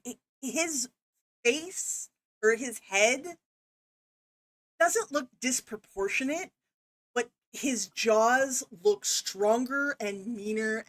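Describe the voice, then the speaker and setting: A woman running a tabletop game, describing scenes in a measured way with frequent ums. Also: fairly high pitch, expressive, no echo. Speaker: game master.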